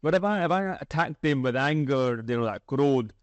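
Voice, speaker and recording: A man with a broad Scottish accent, chatty and easygoing, with a voice of middling pitch. He tells a story in a relaxed podcast chat. The sound is dry and close, with no room echo. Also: normal speed. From Scotland. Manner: chatty, laughs while telling stories. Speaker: guest. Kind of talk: casual storytelling.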